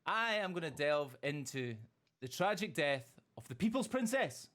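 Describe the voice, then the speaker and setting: A man's voice: on the high side, very animated, normal speed, fairly bright tone. A Scottish man hosting a casual group chat, joking, swearing and slipping into theatrical speeches. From Scotland. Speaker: podcast host.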